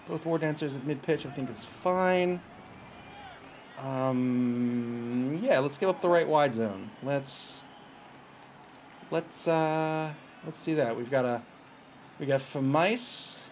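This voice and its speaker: A man's voice: medium pitch, slow, long pauses, slight background noise. A man casually commentating his own video game match, taunting his opponent and chatting with viewers. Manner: banters with chat, taunts opponents, laughs.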